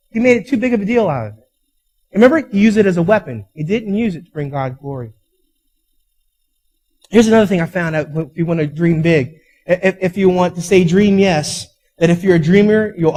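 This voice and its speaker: A man's voice: sits high, poor audio. A man preaching a sermon as pastor, telling stories with emphatic peaks and acting out quoted voices. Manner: storytelling, acts out quoted voices; emphatic, rising to loud peaks.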